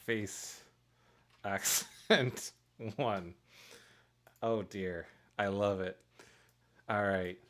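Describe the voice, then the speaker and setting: A man's voice: on the low side, extremely slow, long pauses, fairly bright tone. A man casually narrating his work on a live stream, thinking aloud and chuckling at his own mistakes. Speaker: streamer making pixel art for a game.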